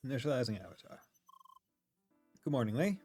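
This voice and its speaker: A man's voice: medium pitch, big pitch swings, fairly quick, a little mellow, faint music behind, natural voice. A man voicing a formal, secretive man who speaks stiffly and carefully.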